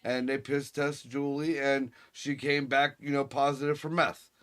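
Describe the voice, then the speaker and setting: A man's voice: medium pitch, flat delivery, measured pace, a bit bright. A middle-aged man co-hosting a casual podcast chat, telling crude stories full of swearing. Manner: crude, profane storytelling. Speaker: podcast co-host.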